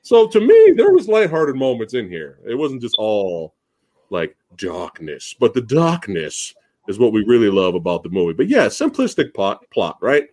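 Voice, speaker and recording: A man hosting a podcast, chatting casually and excitedly about a movie, swearing freely and restarting his sentences. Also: medium pitch, normal speed. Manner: excited, profane, lots of fillers and restarts. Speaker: podcast host. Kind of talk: casual chat.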